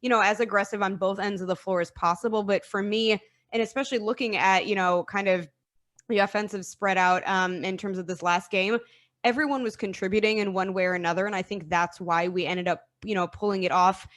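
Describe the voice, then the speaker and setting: A woman's voice: mid-range voice, steady tone, fairly quick, a bit bright. A woman guesting on a podcast, chatting enthusiastically with plenty of "um" and "you know". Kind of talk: casual chat.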